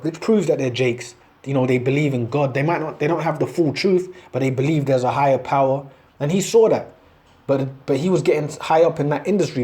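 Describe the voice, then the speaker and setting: A man delivers an informal sermon in a mellow, warm voice, mid-pitched and unhurried. He keeps it conversational, drops in scripture readings, and tacks "man" onto the end of his points. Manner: loose and conversational, tags lines with "man". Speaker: preacher. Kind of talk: casual street-style preaching with scripture reading.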